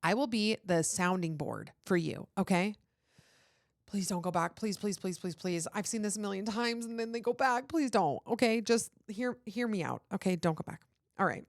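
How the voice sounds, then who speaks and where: A woman's voice: mid-range voice, animated, normal speed, no room sound, clean studio sound. A young adult woman hosting a podcast, giving earnest, pleading relationship advice in casual chat, full of "like" fillers, with a runny nose. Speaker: podcast host.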